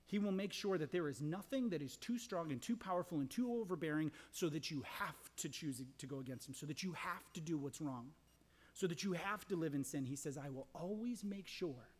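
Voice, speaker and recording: A middle-aged man preaching a sermon as pastor, impassioned, repeating phrases, swinging from loud emphasis to hushed whispers. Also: fairly high pitch. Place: large church sanctuary. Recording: long church reverb.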